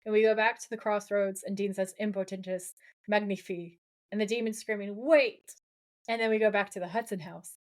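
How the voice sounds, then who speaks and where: A woman's voice: medium pitch, quick pace, hardly any pauses. A woman podcast co-host recapping a TV episode in casual chat, acting out the characters' lines and swearing freely. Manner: animated, acts out quoted dialogue, swears casually.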